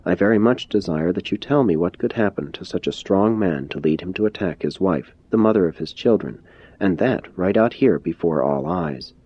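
A man reading the lines of a gentle, persuasive adult male teacher in a measured, earnest and courteous manner. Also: low-pitched, slightly rough. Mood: gentle, probing. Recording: dull lo-fi recording.

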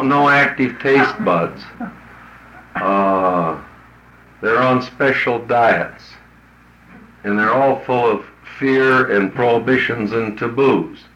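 A man's voice: medium pitch, sharp tone, slight background noise. A man who works as a business consultant tells a story to an audience in a folksy, blunt, colloquial way. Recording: roomy, dull lo-fi recording.

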